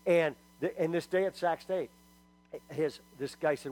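Middle-aged guy preaching, lively storyteller, kinda high voice, chats with the crowd. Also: normal speed, faint music behind, poor audio. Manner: lively storytelling with acted quotes and asides to the crowd. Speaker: pastor. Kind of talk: sermon.

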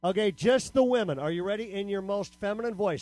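A man with a high voice tells a comic story to a live crowd of teenagers. He is animated and acts out quotes and noises, tagging his lines with a questioning "okay?". His voice sounds close and dry, with no room echo. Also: fairly quick, few pauses. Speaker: speaker addressing teenagers at a camp. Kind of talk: comedic storytelling talk to a live audience.

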